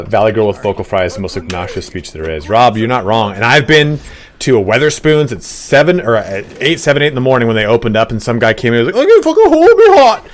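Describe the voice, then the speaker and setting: A man's voice: medium pitch, a bit bright. A young man from Southern California chatting casually with a guest while streaming a game, rambling with lots of fillers. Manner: laid-back, rambling, many fillers. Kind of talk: casual gaming stream chat.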